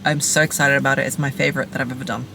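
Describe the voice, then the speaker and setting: A woman's voice: extremely low pitch, level tone, very fast, vocal fry, noisy background. A woman speaking as a relationship coach, giving direct-to-camera advice in an emphatic, playful and blunt way, repeating punchy phrases.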